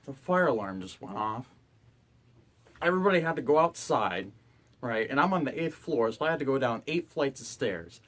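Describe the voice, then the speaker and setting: A man's voice: medium pitch, lively intonation, normal speed, fairly bright tone. A young man and college student ranting to camera in his dorm room, exasperated and profane. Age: young adult. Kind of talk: ranting vlog.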